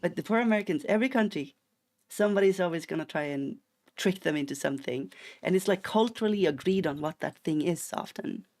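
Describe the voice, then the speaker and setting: Gravelly rambling Swedish streamer guy. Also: sits high, brisk, darkish tone. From Sweden. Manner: rambling, chatty, restarts sentences, drifts into tangents. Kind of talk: casual live-stream chat while gaming.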